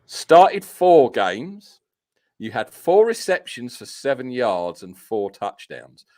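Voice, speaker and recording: A man hosting a podcast who chats with his guest in a relaxed, wry, somewhat hesitant way. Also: medium pitch, takes it slowly. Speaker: podcast host. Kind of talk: casual interview chat.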